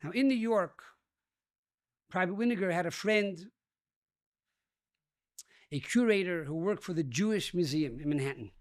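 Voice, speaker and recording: High-voiced rabbi telling a sermon story. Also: male voice, normal speed, long pauses, no room sound, studio quality. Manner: addresses listeners warmly as dear friends.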